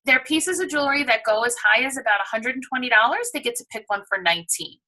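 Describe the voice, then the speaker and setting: A woman with a New York accent giving an enthusiastic, persuasive sales pitch to prospective sellers. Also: fast, pushed and bright, rough recording. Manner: enthusiastic, persuasive, acts out shoppers' voices. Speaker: direct sales presenter.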